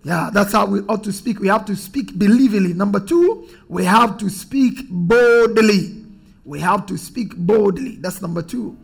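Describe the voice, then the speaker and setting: Male pastor, high gravelly voice, emphatic repetitive preaching style. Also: unhurried. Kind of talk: sermon.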